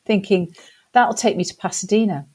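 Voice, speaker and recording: An English woman, a podcast guest, telling stories in a casual, animated way, laughing often and poking fun at herself. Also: medium pitch, moderate pace, breathy edge. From England. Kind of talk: casual storytelling.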